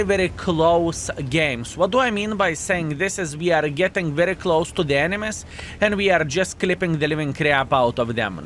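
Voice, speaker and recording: A man commentating his own video game match to viewers, animated and self-mocking, calling them fellas, with slightly non-standard English phrasing. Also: on the high side, slight background noise. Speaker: video game player and channel host. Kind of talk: live gameplay commentary.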